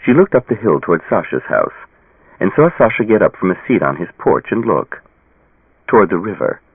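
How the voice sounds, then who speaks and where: A male audiobook narrator reading with dramatic expression, his pitch swinging widely around a lowish center. His voice is husky and dry, and the sound is thin and tinny like a phone line. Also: sing-song, fairly quick, dry recording. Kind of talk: scripted narration.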